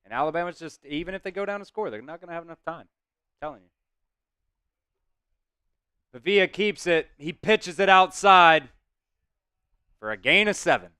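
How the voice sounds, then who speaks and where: A man's voice: a little high, animated, a little fast, long pauses, bright, forceful tone, clear, resonant tone, no room sound, clean studio sound. A man hosting a live fan stream, giving blunt, frustrated play-by-play with some swearing.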